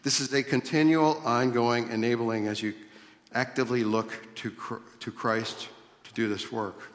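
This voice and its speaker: A man's voice: mid-range voice, fairly even intonation, a little slow. A man preaching a sermon, earnestly explaining scripture and grammar, often repeating and restarting his phrases. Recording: long reverb of a hall.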